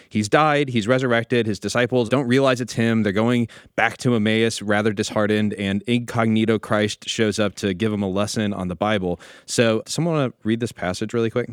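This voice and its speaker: Fast-talking low-voiced male podcast host. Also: no echo, studio quality. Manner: energetic, explanatory, jokey. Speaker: podcast co-host teaching about the Bible. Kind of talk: casual podcast discussion.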